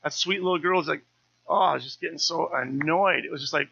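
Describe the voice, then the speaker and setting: Bright gravelly-voiced preacher man. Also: fairly high pitch, fast talker, no echo, dull audio. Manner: conversational storytelling with humour. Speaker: pastor. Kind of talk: sermon.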